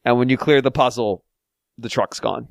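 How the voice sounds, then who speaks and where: A man's voice: mid-range voice, moderate pace, gravelly, dry recording, clean studio sound. A man co-hosting a podcast, chatting casually about a game in a rambling way, with lots of fillers and restarts. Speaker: podcast co-host. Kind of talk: casual chat.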